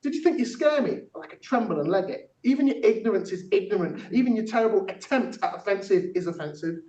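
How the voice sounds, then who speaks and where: Fast and animated, this high, slightly mellow male voice belongs to a workshop facilitator from Yorkshire, England. In a theatre workshop room he performs punchy spoken word poetry and then talks it over with the group, recorded from afar in an echoey, dull-sounding space.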